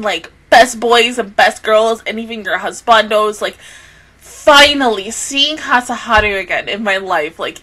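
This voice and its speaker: A woman reviews an anime episode in an overwhelmed, emotional rush, her high voice swinging widely in pitch. She sounds tearful and close to crying, cursing and exclaiming as she talks. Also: bright, forceful tone. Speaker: anime reaction host.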